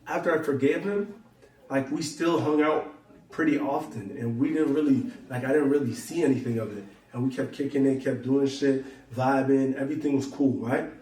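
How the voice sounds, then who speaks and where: A man's voice: medium pitch, normal speed, darkish tone, distant mic. Slangy young man telling a story, roomy sound. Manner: loose slangy storytelling, acts out both sides of conversations. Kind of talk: casual storytelling to camera.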